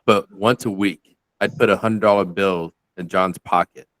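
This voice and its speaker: A man's voice: sits low, fairly even intonation, moderate pace, a bit bright, no echo. A man on a casual podcast chat, telling a mischievous story and laughing as he goes.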